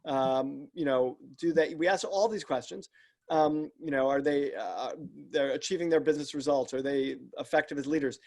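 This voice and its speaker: A man's voice: on the high side, moderate pace, darkish tone. A man, a leadership coach and podcast guest, explains his work earnestly and step by step, often restarting sentences. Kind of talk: explanatory interview talk.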